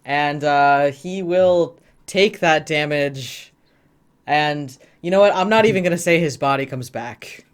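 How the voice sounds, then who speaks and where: A man narrating as game master in a tabletop game, describing the monsters' moves in a relaxed, playful way. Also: a little high, measured pace, clear, resonant tone.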